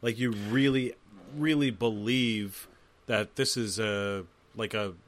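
A man's voice: on the low side, steady tone, slow pace. A man co-hosting a podcast, chatting casually about a movie, with lots of swearing and "like" fillers. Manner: swears a lot, fills with "like", acts out lines. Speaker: podcast co-host. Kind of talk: casual movie commentary chat.

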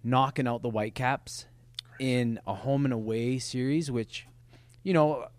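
Give me an animated man sharing stories with a dry, close podcast sound. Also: medium pitch, dry recording. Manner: animated, laughing often, talks in quick bursts. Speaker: professional soccer player guest. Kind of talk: casual podcast storytelling.

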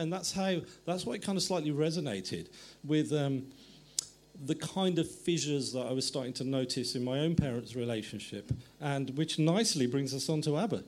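A man's voice: on the high side, normal speed, a little hiss or hum. A middle-aged man, an author guest, telling anecdotes in a meandering way, often stopping to correct himself. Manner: meandering, self-correcting storytelling. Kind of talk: anecdotal conversation.

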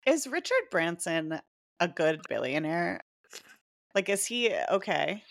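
A woman co-hosts a podcast in loose, giggly chat, often trailing off into fillers. Her voice has a gravelly fry to it. The recording is dry and close. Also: lowish voice, big pitch swings, slow, no room sound. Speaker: podcast co-host. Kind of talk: casual chat.

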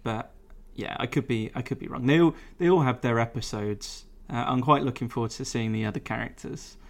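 A man's voice: medium pitch, fairly quick. A man co-hosting a casual podcast chat, swearing freely and laughing often. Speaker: podcast co-host.

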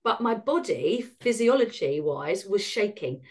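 A woman's voice: mid-range voice, lively intonation, measured pace, darkish tone. A middle-aged woman, a podcast guest, tells her personal story in a frank, self-deprecating way and acts out the dialogue she recalls. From United Kingdom.

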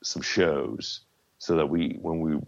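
A man's voice: very deep voice, little pitch movement, takes it slowly, creaky, dry recording, muffled recording. A man as a podcast guest, chatting in an easygoing, rambling way. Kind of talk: casual chat.

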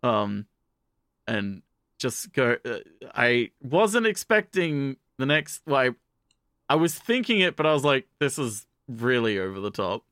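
A man with a bright, forceful voice chats through an anime recap for a podcast, rambling and swearing freely. The recording is dry and close, with no room sound around him. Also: mid-range voice, a little slow, clean tone, no room sound. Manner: rambling, profane, animated retelling. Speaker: podcast co-host. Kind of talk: casual anime commentary.

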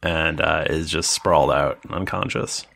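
A man's voice: extremely low pitch, fairly even intonation, normal speed, creaky, fairly bright tone, no room sound. A man narrating as game master in a tabletop game, in a laid-back way.

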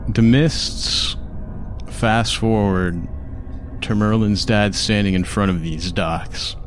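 A man narrating a tabletop role-playing game as game master, in slow, measured storytelling. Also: fairly low pitch, fairly even intonation, a little hiss or hum.

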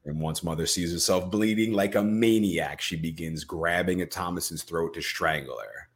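This co-host's voice sits low, and he talks at a normal speed with few pauses. On the podcast he walks through a film scene by scene, vividly acting out each quoted line.

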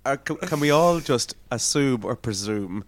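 A man's voice: mid-range voice, expressive. An Irish man hosting a podcast, in casual joking chat and leading the conversation. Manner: jokey, leads the talk with quick asides. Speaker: podcast host.

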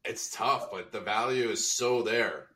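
A man's voice: on the low side, measured pace, sharp tone. A man hosting an interview in casual chat, agreeing and asking follow-up questions. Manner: agreeable, short affirmations. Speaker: podcast host. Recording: distant from the mic.

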